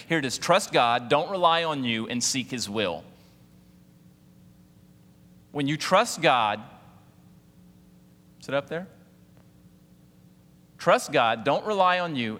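A male pastor in his forties delivers a sermon, peppering the congregation with rhetorical questions and asking them to repeat after him. His voice is bright and forceful. A long reverb trails after each phrase, as in a large church hall. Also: mid-range voice. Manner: preaching with rhetorical questions and call-outs to the congregation.

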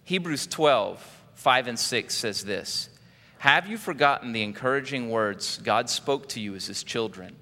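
A man's voice: medium pitch, animated, measured pace, pushed and bright. A man preaching a sermon as pastor, earnest and often repeating words as he searches for phrasing. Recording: long hall reverb.

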